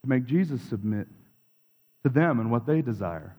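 A man's voice: mid-range voice, expressive, normal speed, mellow. A man preaching a sermon in a church, reflective and confessional, building his points through repeated phrases. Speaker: pastor. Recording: long reverb of a large hall.

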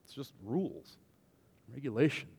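A male pastor delivers a lively sermon, dropping to quiet asides and then building to loud, emphatic lines. He jokes with the congregation as he goes. His voice carries a long reverb from the church hall. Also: mid-range voice, normal speed, vocal fry, breathy edge. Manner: animated, joking, swings from quiet to loud.

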